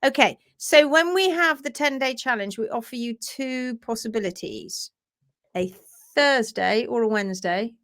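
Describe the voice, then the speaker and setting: A woman's voice: fairly high pitch, normal speed, fairly bright tone. A woman hosting a casual livestream, chatting in a bubbly way and greeting viewers by name as she reads out their comments. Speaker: livestream host. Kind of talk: casual live chat, reading out viewer comments. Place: at home, based in France.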